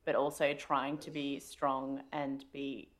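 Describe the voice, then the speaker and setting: Australian woman co-host, deep-pitched, frank and expressive, casual swearing. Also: slow. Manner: frank, animated, swears freely. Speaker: podcast co-host. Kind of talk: casual chat.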